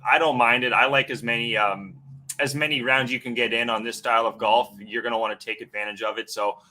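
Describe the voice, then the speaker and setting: A man's voice: mid-range voice, steady tone, a little fast, pushed and bright, slight background noise. A man hosting a live golf betting stream, chatting casually with many fillers and greeting viewers in the chat. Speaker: sports betting podcast host.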